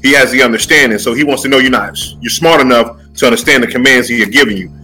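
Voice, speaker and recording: A man's voice: medium pitch, quick pace, pushed and bright, soft background music, poor audio. A man from Philadelphia telling a story in laid-back casual chat.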